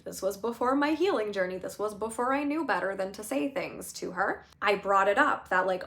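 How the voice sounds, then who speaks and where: Speaking a little fast in a gravelly, mid-range voice with a fairly bright tone, a thirty-something life coach tells a personal story in a casual monologue. She is candid and talkative, uses lots of filler words, and meets painful memories with wry laughter.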